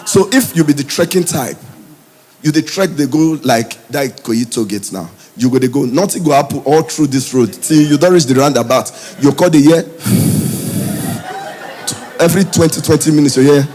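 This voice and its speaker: A Nigerian man doing stand-up comedy in Pidgin English, telling stories in an animated way. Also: a little high, normal speed. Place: comedy stage before a live audience.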